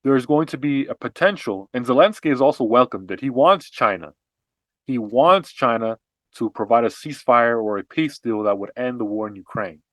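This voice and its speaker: Man, podcast co-host, middle pitch, explanatory, animated, restarts and fillers, dry close sound. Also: normal speed, no echo. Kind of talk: casual political discussion.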